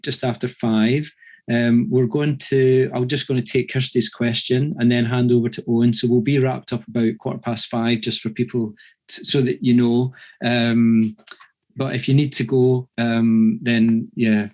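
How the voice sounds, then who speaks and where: Male host, mid pitch; friendly, hesitant moderator. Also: little pitch movement, moderate pace, a little mellow. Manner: friendly, hesitant, light teasing. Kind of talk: casual moderating.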